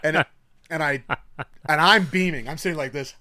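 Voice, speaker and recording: A young podcast co-host with a higher voice tells stories in relaxed chat at normal speed, loudly acting out the people he quotes with big voices. The sound is clean and studio-dry, from a podcast mic at a table.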